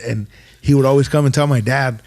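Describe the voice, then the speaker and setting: A man's voice: mid-range voice, steady tone, fairly quick, darkish tone. A man hosting a casual podcast chat, telling stories in slang and acting out the people in them. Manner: slangy storytelling, acts out quoted voices. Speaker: podcast host.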